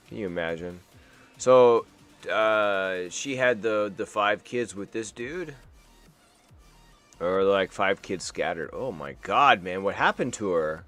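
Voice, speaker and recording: A man's voice: fairly low pitch, fairly bright tone. A man hosting a live stream, reacting to news in a rambling, wisecracking way and swearing freely. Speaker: streamer host.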